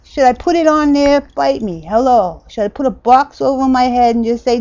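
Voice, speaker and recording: A woman ranting bluntly and sarcastically in a casual vlog, jumping from loud outbursts to low mutters. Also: normal speed, few pauses, highs cut off. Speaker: vlogger.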